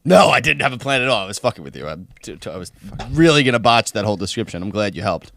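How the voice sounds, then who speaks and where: A man's voice: on the low side, sing-song, quick pace, creaky, fairly bright tone, no echo, studio quality. A young man co-hosting a podcast, bantering and teasing with sarcastic comments. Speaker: podcast co-host. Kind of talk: casual banter.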